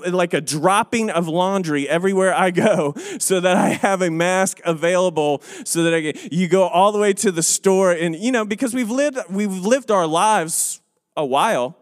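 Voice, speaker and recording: A man's voice: sits high, long reverb tail. A man preaching as pastor, telling jokes and acting out little scenes in a casual sermon. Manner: joking, animated storytelling with acted-out asides. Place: church sanctuary.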